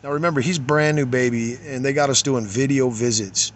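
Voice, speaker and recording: Halting father reading case notes aloud. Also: mid-range voice. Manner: halting, many fillers, trails off quietly. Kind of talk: reading documents aloud with commentary.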